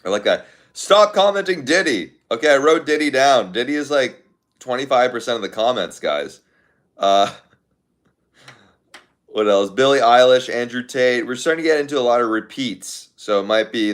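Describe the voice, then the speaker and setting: Man, livestream host, casual chat, slightly low voice, offhand, thinking aloud. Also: clear, resonant tone. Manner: offhand, thinking aloud, with fillers and repeated phrases. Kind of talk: casual chat reading viewer comments.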